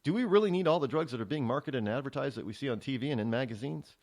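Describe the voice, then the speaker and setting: A man's voice: medium pitch, expressive, very fast, a little mellow. A man hosting a talk show, delivering a rambling, sarcastic opinion monologue with many restarts. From New England.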